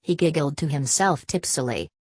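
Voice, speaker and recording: A woman narrating an audiobook in a measured way, reading punctuation marks aloud. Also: deep voice, expressive, a little mellow, slightly rough, no room sound. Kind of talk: scripted narration.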